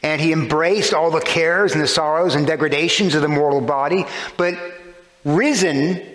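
A man with a fairly high, slightly bright voice preaches a sermon, explaining scripture through rhetorical questions and shifting emphasis, heard with long hall reverb.

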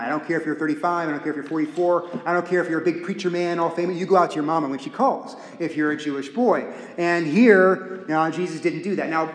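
A man preaching a sermon in an animated, folksy, humorous way, in a church sanctuary. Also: on the high side. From Texas. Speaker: pastor. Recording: echoey hall.

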